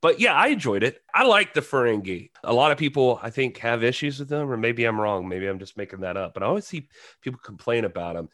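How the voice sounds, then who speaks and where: A man's voice: medium pitch, big pitch swings, fast talker, a bit bright, dry recording. A man co-hosting a podcast, chatting in an easygoing, supportive way. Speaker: podcast co-host. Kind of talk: casual podcast chat.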